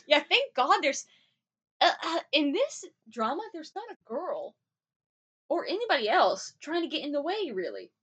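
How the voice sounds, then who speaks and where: A woman's voice: sits high, very animated, normal speed, a bit bright, lo-fi sound. A woman co-hosting a podcast, chatting casually as she recaps a drama and acts out quotes from it. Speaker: podcast co-host.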